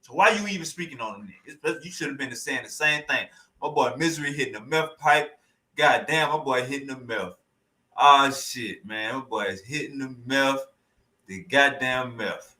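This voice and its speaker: A man hosting a livestream, reacting to a debate clip in loud, profane, mocking commentary that keeps repeating phrases. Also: mid-range voice, normal speed, echoey room, low-quality recording. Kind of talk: casual live reaction commentary.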